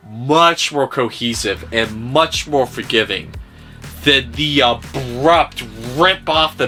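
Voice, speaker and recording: Bright-voiced sarcastic male film reviewer. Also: fairly high pitch. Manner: animated, sarcastic, swears freely. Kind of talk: casual film review vlog.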